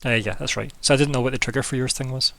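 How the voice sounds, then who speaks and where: A man running an online tabletop game as game master, giving relaxed, matter-of-fact rulings. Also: mid-range voice, racing, vocal fry, dry recording.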